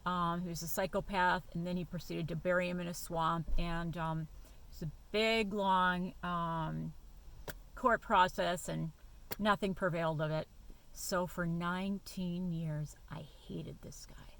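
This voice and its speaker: Woman vlogger, casual to-camera talk, slightly low voice, emphatic and chatty with frequent fillers. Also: steady tone, unhurried, fairly bright tone, slight background noise. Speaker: YouTube vlogger.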